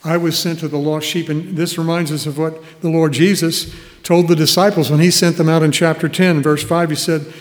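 A man's voice: on the high side, flat delivery, a little fast. A man preaching a sermon, reading scripture verses aloud and explaining them with an easy, chuckling manner. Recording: hall reverb.

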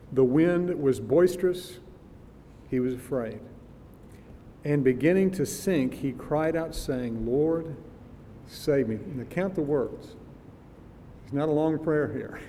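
An older man preaching a sermon in a conversational, musing way, sometimes laughing. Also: warm tone. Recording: reverberant hall with faint rumble.

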